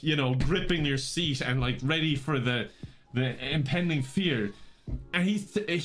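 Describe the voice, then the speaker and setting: Irish man, slightly high voice, rambling stream anecdote, faint music behind. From Ireland. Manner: rambling, animated, self-interrupting. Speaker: streamer telling a story. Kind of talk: casual anecdote.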